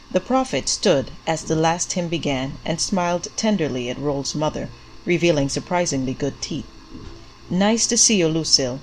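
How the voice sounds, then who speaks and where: Low-voiced woman narrating a story. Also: poor audio.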